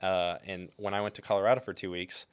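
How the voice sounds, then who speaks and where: A young man with a low, smooth voice and little pitch movement talks fast as he co-hosts a podcast. In the casual chat he rambles through stories, filling them heavily with "like."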